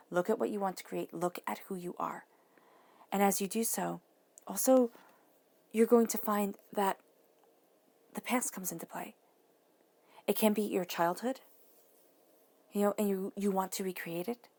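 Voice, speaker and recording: Woman, tarot reader, gravelly voice, soothing, slips into whispers. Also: medium pitch. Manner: soothing, drops to soft whispers. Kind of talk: tarot reading monologue.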